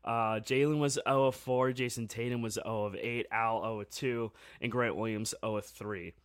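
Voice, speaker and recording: Excitable man in dry sports chat. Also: mid-range voice, smooth, no room sound. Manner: excitable, rapid storytelling with many fillers. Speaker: sports podcast co-host.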